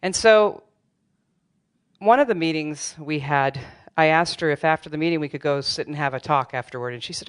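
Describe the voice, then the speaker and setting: A woman's voice: sits low, lively intonation, brisk, clear, resonant tone. A middle-aged woman telling a true personal story on stage, candid and wry, with self-deprecating humor. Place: theater stage before a live audience.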